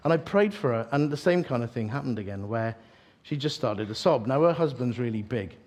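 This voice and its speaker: A man's voice: mid-range voice, lively intonation, fairly quick, darkish tone. Male preacher, story-led sermon, self-mocking and chatty, lots of false starts. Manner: chatty, self-deprecating humor, frequent restarts. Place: church evening gathering.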